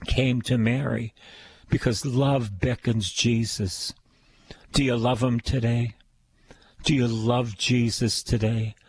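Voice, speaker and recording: An older man preaching a sermon, slow and emphatic, repeating his phrases. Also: mid-range voice, husky, dry recording.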